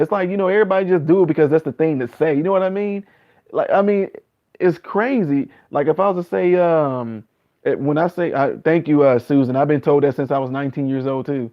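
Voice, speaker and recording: A man's voice: a little fast, muffled recording. A man in his late thirties talking casually on a live stream, reading out viewer comments and earnestly repeating his points. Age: 30s. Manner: earnest, repetitive, acts out other people's replies in a higher voice.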